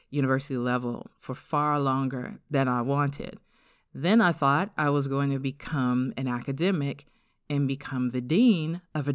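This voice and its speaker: A middle-aged woman with an African-American English accent shares her personal testimony on a podcast. Her voice is smooth and resonant, recorded close and dry with no room sound. She speaks in an earnest, reflective way and slows down to stress the words that matter. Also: a bass voice, no room sound. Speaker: podcast host.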